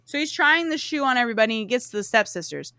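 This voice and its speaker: Woman host, chatty retelling full of swearing and asides, a little high, dry close sound. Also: animated, quick pace, bright, forceful tone, no room sound. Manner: casual, profane, rambling with fillers. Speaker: podcast host. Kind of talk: casual storytelling.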